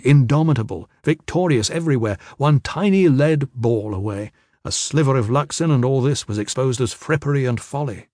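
A man's voice: mid-range voice, a little mellow, no room sound. Man narrating an audiobook, dry. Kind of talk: scripted narration.

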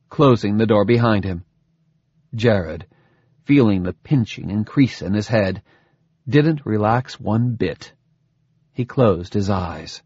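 Male audiobook narrator, husky, animated delivery, dry close recording. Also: dry recording, muffled recording. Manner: steady storytelling with lively pitch. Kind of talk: scripted narration.

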